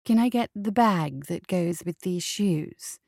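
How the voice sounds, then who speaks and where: A woman voicing an unhinged adolescent girl who is a calm killer, speaking slowly, softly and offhandedly. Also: fairly low pitch, no room sound, studio quality. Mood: eerily calm.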